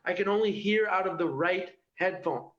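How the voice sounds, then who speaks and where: A man does a stand-up routine from his home kitchen, delivering punchy jokes capped with "okay?" and "all right?". His voice sits high and a bit bright at normal speed, in a roomy, dull lo-fi recording.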